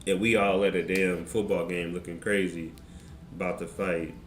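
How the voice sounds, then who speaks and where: Animated low-voiced man telling a story. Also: moderate pace, soft background music. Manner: animated, slangy, excitable retelling. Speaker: streamer. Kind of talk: casual storytelling on a live stream. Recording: roomy with faint background noise.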